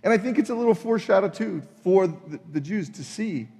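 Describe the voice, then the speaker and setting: A man preaching a sermon, emphatic and animated, acting out the people in his retelling. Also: high voice, fairly quick, gravelly, in a large hall. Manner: emphatic, acts out voices in retelling. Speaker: pastor.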